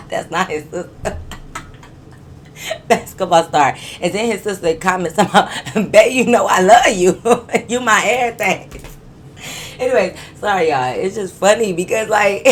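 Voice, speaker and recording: A young woman, telling a story to viewers in an animated, emphatic, profane way and laughing often. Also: fairly low pitch, slight background noise. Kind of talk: casual storytime vlog.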